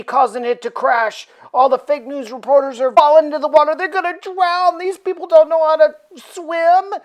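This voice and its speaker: A woman recaps a comic book in a loose, irreverent way, cracking jokes and filling pauses with "uh." Her voice sits a bit above the usual for women. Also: sits high. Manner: irreverent, joking, filler-laden.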